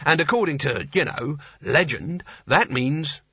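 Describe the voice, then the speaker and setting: A man's voice: fairly high pitch, lively intonation, unhurried, bright, forceful tone, breathy edge, dry recording, dull audio, exaggerated voice. A man voicing a laid-back male genie who drawls in an offhand, slangy way.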